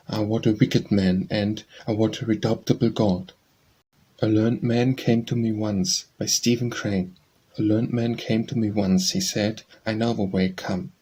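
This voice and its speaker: A man with a husky voice, reading poems aloud in a measured, solemn way as an audiobook narrator. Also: on the low side, a little mellow, slight background noise. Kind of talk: scripted poetry reading.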